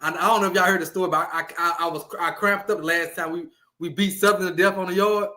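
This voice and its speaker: A young man, chatting casually as a podcast guest, animated and quick to laugh, repeating his lines as he tells stories. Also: sits high. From Louisiana. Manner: animated storyteller, laughs often, repeats himself.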